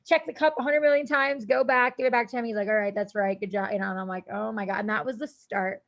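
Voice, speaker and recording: A woman guest on a podcast, telling a story in casual chat, animated, laughing often and acting out what people said. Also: mid-range voice, fast talker, creaky. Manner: animated, laughing, acts out quotes, casual swearing.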